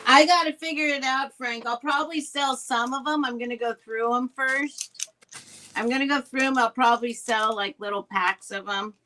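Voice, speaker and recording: A woman's voice: sits high, steady tone, normal speed, sharp tone, a little hiss or hum, poor audio. An older woman hosting a live stream, chatting casually and thinking aloud. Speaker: host.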